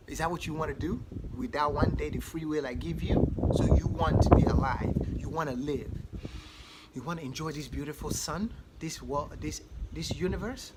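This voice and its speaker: Man preaching over loud noise. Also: fairly high pitch. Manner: emphatic, preachy, informal grammar. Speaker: spiritual speaker. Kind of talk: motivational spiritual talk.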